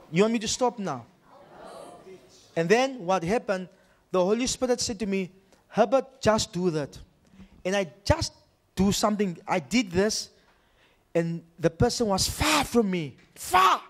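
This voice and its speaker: High, lively male preacher. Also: unhurried, long pauses. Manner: animated, repetitive preaching, checks in with the congregation. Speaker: pastor. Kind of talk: sermon.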